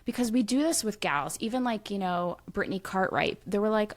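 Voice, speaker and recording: A woman's voice: medium pitch, expressive, fairly quick, few pauses. A woman guesting on a podcast, chatting casually and giving strong, emphatic opinions. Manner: emphatic, opinionated, self-described petty. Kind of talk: casual chat.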